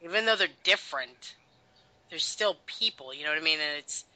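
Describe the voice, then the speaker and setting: A man's voice: a little high, expressive, a little fast, bright, forceful tone, poor audio. A man co-hosting a casual film commentary, joking around and leaning on fillers like "you know.". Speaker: podcast co-host.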